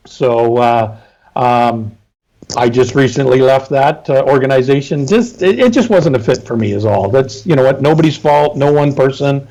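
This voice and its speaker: A man's voice: mid-range voice, gravelly, mellow, low-quality recording. A middle-aged man, a trucking safety consultant, talking casually and emphatically as an interview guest.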